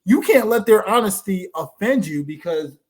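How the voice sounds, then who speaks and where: High-voiced man hosting a podcast chat. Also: lively intonation, normal speed, a little mellow. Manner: emphatic, repeats himself for stress. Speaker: podcast host. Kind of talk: casual chat.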